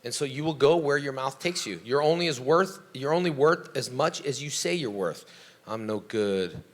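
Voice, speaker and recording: A man's voice: a little high, brisk. A man answering fan questions as a guest on a convention panel. He is a karate teacher who talks in a motivational way and acts out the voices of people he quotes. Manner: motivational, preaching self-belief.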